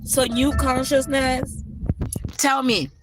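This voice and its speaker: A woman's voice: sits high, fairly even intonation, slow, noisy background. A woman hosting a casual spiritual livestream, talking with feeling and often checking in with "right?". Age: adult parent. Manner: emotional, tearful at times, many "right?" asides. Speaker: livestream host.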